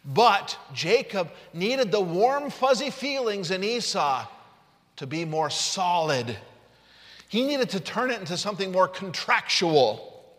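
A man's voice: sits high, big pitch swings, slow pace, a bit bright. A man preaching a sermon who reads scripture aloud and animatedly acts out the characters. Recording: long reverb in a large room.

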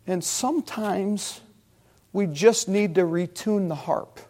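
A man preaching a sermon, animated and talking directly with his congregation. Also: sits high, takes it slowly. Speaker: pastor.

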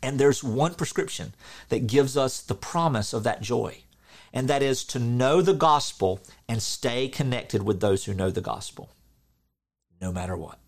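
Gravelly-voiced man preaching earnestly. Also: mid-range voice, a little slow. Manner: earnest, animated, acts out quotes, laughs. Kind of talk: informal sermon.

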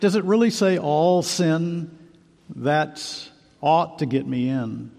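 A feeble, dying woman in a preached story, asking earnestly with a tired, gravelly voice, as a male preacher voices her. The sound rings with a long hall reverb. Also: a little high, steady tone, slow, darkish tone. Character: weary dying woman afraid of judgment.

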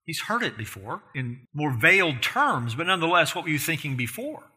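A man's voice: on the high side, big pitch swings, normal speed, pushed and bright, husky. A man preaching an expository sermon, earnest and emphatic, often putting rhetorical questions to his listeners. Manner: emphatic, rising in force on key points.

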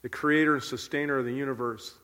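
A male pastor preaching a sermon with animated, emphatic storytelling. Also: mid-range voice, fast. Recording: long hall reverb.

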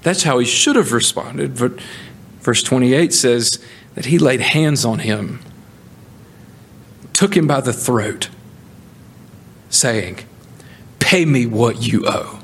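Animated preaching man, mid pitch. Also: slow pace, long pauses, breathy edge. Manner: animated preaching with rising emphatic peaks. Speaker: pastor. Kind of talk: sermon.

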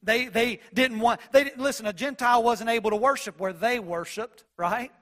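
Male pastor with a high voice, earnest expository preaching that swells to loud proclaiming, reads old-style scripture. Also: fairly quick. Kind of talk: expository sermon.

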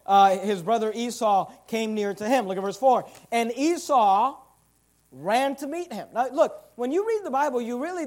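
High-voiced man preaching verse by verse. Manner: verse-by-verse Bible teaching, urging listeners to underline words; acts out the characters' thoughts in quoted asides. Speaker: pastor. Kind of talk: sermon.

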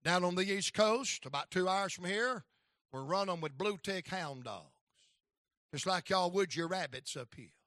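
High, lively North Carolina preacher. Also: male voice, normal speed, no room sound, clean studio sound. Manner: folksy storytelling, rising to shouts. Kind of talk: sermon.

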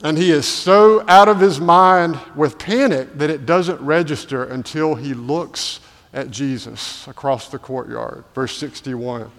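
A man's voice: on the high side, fairly bright tone. A male pastor delivering a sermon, asking rhetorical questions and building to emphatic peaks. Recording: long hall reverb.

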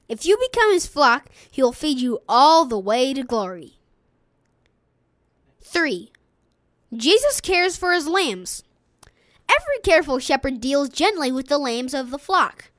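A woman reading a sermon aloud for an audiobook in an earnest, measured way. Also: high voice, fairly bright tone, no echo. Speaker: audiobook reader.

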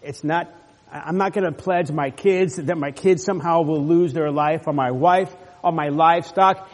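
A male pastor preaches a sermon and explains a passage with earnest, emphatic stresses. His voice sits a little high for a man. It echoes with a long reverb, as if in a church sanctuary. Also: measured pace.

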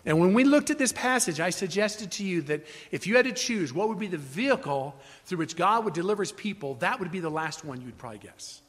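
A man with a notably high-pitched voice delivers a teaching sermon to his congregation. He explains Scripture point by point, leaning hard on key phrases and often restarting his sentences as he works through an idea. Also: sing-song, a little fast, hardly any pauses. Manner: emphatic, explanatory, with frequent restarts and fillers. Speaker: pastor.

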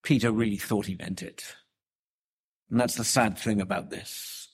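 A man preaching an expository sermon, emphatic and deliberate, with rhetorical questions. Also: on the low side, gravelly, husky.

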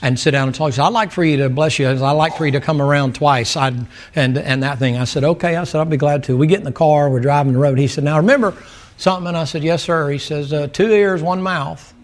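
A man's voice: a little high, steady tone, quick pace. A man preaching a sermon, folksy and joking, calling out to the congregation for responses. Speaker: pastor.

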